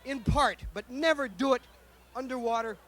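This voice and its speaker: A man's voice: very high voice, normal speed, fairly bright tone. A man, out of breath, earnestly warning a live audience not to try a dangerous stunt. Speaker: escape artist.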